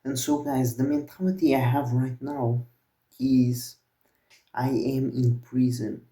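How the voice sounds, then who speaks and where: A man's voice: mid-range voice, fairly even intonation, takes it slowly, warm tone, far from the mic. A young man vlogging, telling a story in a casual slangy way and saying "bro" a lot.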